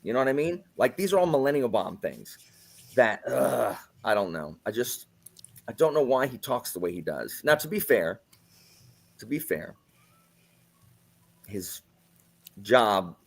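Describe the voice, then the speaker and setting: A man's voice: mid-range voice, big pitch swings, unhurried, gravelly, pauses often, breathy edge. A man in casual book-club chat, ranting with sarcasm and putting on mock quotes. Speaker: book club podcast host.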